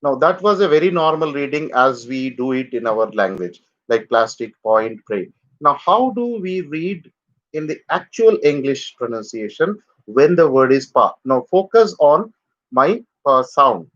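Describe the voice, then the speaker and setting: A man teaching English pronunciation in a live online lesson, drilling words slowly for students to repeat. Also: mid-range voice, big pitch swings, fairly bright tone, muffled recording.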